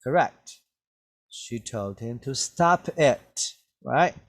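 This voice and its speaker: A man teaching an English vocabulary lesson at a very slow, unhurried pace. His voice sits at an ordinary middle pitch, and he keeps stopping to ask "right?" and "okay?" so that each point lands before he moves on. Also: animated. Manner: slow, patient, checks understanding with "right?" and "okay?".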